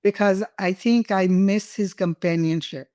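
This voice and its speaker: A woman's voice: mid-range voice, fairly even intonation, measured pace, clean tone, no echo, studio quality. An older woman from India, a guest telling personal stories in an interview, laughing and emotional at times. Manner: warm, laughing, emotional storytelling.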